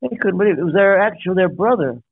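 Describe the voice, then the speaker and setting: This older man, a guest pastor, tells a story sermon-style, making emphatic numbered points and acting out quotes. His voice is high-pitched, expressive, fast and creaky, heard over a dry, tinny, phone-like line.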